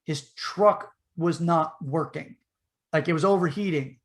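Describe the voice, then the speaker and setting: A man's voice: fairly high pitch, measured pace. Rambling man spinning a story. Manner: animated retelling, acts out the voices in his story; loose and rambling, with many fillers and restarts. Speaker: podcast host telling a story. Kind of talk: casual storytelling.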